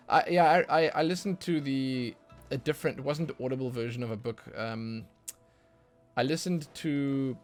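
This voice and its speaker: Chatting loosely with his audience as he livestreams a game, this medium-pitched gamer rambles, repeats words, and breaks into sudden excited outbursts.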